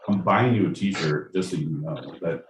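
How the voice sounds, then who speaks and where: A man co-hosts a podcast with a lowish voice, rambling and joking with plenty of swearing. He sounds set back from the mic in an echoey room, with a faint hiss underneath. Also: moderate pace. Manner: rambling, profane, jokey. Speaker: podcast co-host. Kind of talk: casual comedic chat. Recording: roomy, distant mic with faint noise.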